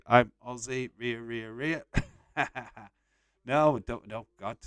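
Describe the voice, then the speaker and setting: Chatty man, smooth dry voice. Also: mid-range voice, slow pace, no echo. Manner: chatty, reads out and answers chat messages, laughs often. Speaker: live stream host. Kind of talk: casual live-stream chat.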